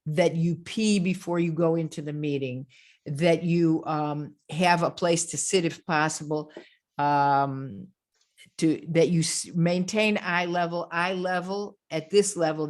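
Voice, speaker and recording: A woman grief counselor giving a webinar lecture over a video call, calm and gentle, with frequent fillers. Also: deep voice.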